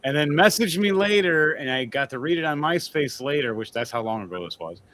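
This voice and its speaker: A lively man with a bright, forceful voice co-hosts a casual livestream podcast. He swings all over his range, laughing through his stories, over a faint background hiss. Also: on the high side, brisk. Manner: animated, laughing storyteller. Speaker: podcast co-host.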